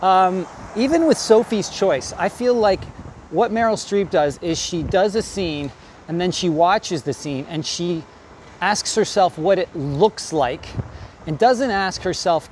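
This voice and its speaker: Man vlogger, high-pitched, blunt and rambling opinion piece, faint street noise behind. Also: measured pace. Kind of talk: opinionated commentary.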